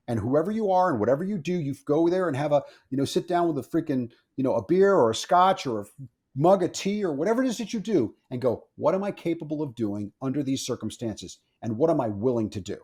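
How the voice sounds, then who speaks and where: Blunt, opinionated man with a husky voice. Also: mid-range voice, a little mellow. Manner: blunt, opinionated, swears freely, repeats himself. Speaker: firearms instructor, guest. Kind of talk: casual podcast interview.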